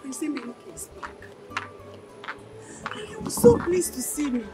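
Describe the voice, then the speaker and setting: An actress with a Nigerian accent playing a defiant widow who shouts back at her brother-in-law. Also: high voice, sing-song, unhurried, over loud music. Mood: regretful. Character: defiant young widow, unhappily remarried.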